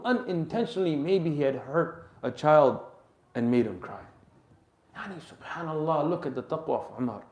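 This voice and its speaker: A man preaching a sermon, telling a story dramatically and sprinkling Arabic religious terms into his English. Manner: dramatic, acts out the story's voices and drops soft and low at emotional moments. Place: mosque hall. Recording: echoey mosque hall.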